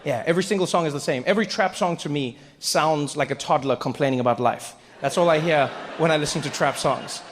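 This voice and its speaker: A man's voice: a little high, brisk, hardly any pauses. A man doing stand-up comedy, telling stories in a loose, conversational way. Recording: echoey hall with live noise.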